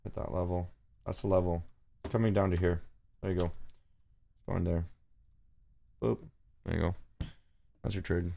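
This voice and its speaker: This forex livestream host speaks at a normal speed in a low, creaky, warm voice with fairly even intonation, long pauses and the highs cut off. His commentary is casual and profane, drifting between chart reading, his chat and his cat, which he keeps shooing off.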